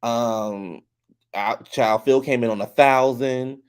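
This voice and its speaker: A sassy, gossipy man recaps a reality show in a loose, chatty way. His voice sits at a middle pitch and leaps high when he imitates the cast. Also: steady tone, takes it slowly, clear, resonant tone. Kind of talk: casual recap commentary.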